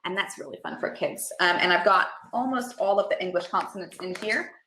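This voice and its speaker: A woman speech and language therapist giving a webinar presentation and now and then breaking into playful, high, excited sound effects to show parents how. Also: fairly quick, reverberant, slight background noise.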